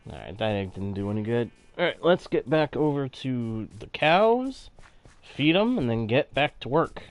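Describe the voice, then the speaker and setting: A man giving casual, chatty commentary while playing a video game, talking to viewers in chat in a playful, animated way. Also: medium pitch, normal speed, slight background noise. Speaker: gaming channel host. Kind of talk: casual let's-play commentary.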